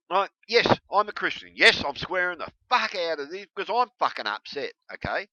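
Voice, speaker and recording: A man ranting heatedly to camera, swearing constantly and breaking into yelled bursts. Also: on the high side, big pitch swings, normal speed, few pauses, no room sound. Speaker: video blogger. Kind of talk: angry profane rant to camera. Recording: dull lo-fi recording.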